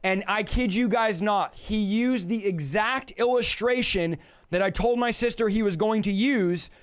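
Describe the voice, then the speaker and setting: A man with a notably high speaking voice tells his faith testimony as a story. He is animated and slips into the voices of the people he quotes. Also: a little slow, smooth. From California. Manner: animated, acts out quoted dialogue. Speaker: guest sharing a testimony.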